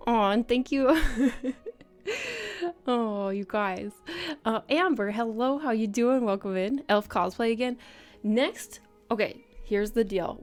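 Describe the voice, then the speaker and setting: A woman art streamer chatting casually on a livestream, bubbly and giggly as she greets her viewers. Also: mid-range voice. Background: faint background music.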